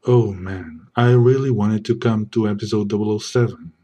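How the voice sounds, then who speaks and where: Guy doing a smug spy parody, husky low voice, deadpan the whole time. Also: moderate pace, close to an everyday voice. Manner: low, smooth, deadpan delivery. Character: suave smug male secret agent parody. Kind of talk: comedy sketch.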